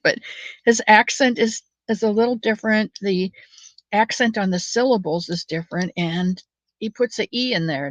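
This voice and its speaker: A woman chats to her viewers while she knits, telling folksy stories that wander from one thing to the next. Now and then she drops into a soft mutter as she works. The recording is dry and slightly muffled. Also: mid-range voice, moderate pace, no room sound. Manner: rambling, folksy storytelling with soft muttered asides. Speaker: knitting channel host. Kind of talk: chatty knit-along monologue. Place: at home, knitting.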